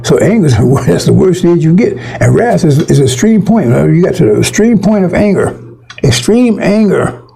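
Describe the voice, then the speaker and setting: A man preaching an online sermon in a gravelly, husky voice, pitched a little high for a man. His delivery is blunt and rambling, with frequent cursing and short chuckles. He is picked up by a computer microphone. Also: very animated, fast, hardly any pauses, dark tone, low-quality recording.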